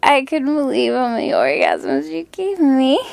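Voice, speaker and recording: High-voiced flirty gal teasing her lover, woman acting it, whispered role-play, slow drawl w/ lots of vocal fry. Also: wildly swooping pitch, darkish tone, no room sound, heavily acted. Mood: teasing, breathless. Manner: breathless, giggly, teasing, slipping into whispers.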